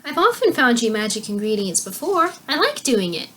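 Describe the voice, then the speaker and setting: A woman's voice: a little high, sing-song, moderate pace, a bit bright, slight background noise. A woman voicing a bold, impatient young girl heroine. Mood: eager. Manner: eager, impatient.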